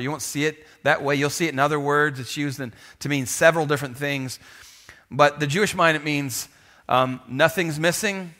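A man with a bright, forceful voice preaches a sermon in a loose, chatty way. He stumbles and restarts, and keeps inviting the congregation to say lines back to him. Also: fairly high pitch. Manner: conversational with restarts, asks the congregation to repeat lines. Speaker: pastor. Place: church sanctuary with live congregation.

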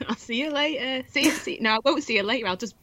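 A woman's voice: on the high side, brisk, bright, forceful tone, no room sound, muffled recording. A woman with a northern English accent co-hosting a podcast, rambling casually and giggling often. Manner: giggly, rambling and self-deprecating. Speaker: podcast co-host. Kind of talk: casual chat.

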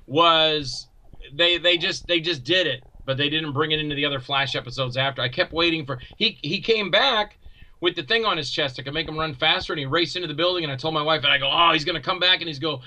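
A man being interviewed as a guest, an indie actor and filmmaker, telling stories in a rambling, animated way with many restarts. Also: on the high side, fairly quick. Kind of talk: casual interview chat.

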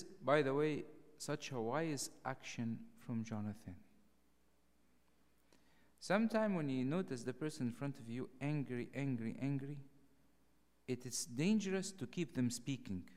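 A clergyman teaching a Bible study sermon, acting out the dialogue with a raised, animated voice. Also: mid-range voice. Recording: long hall reverb.

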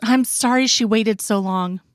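A woman voicing a gentle, worried older mother in a story reading, speaking softly and consolingly. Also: fairly high pitch, a little slow, no room sound, clean studio sound, natural voice.

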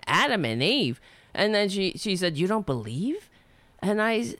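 A woman's voice: medium pitch, very animated, measured pace, fairly bright tone, no room sound. A woman telling a personal story in a rambling, indignant way, swearing and trailing off.

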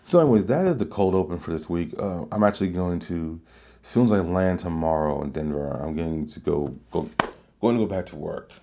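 A man hosting a podcast, telling a long casual story in a rambling, excitable way with many fillers and restarts. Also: low-pitched, a little fast, dull audio, slight background noise. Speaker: podcast host.

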